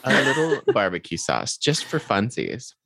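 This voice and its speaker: A man's voice: mid-range voice, huge pitch swings, normal speed, creaky, sharp tone. A man co-hosting a comedy podcast in casual chat, making dry, teasing remarks. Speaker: podcast co-host.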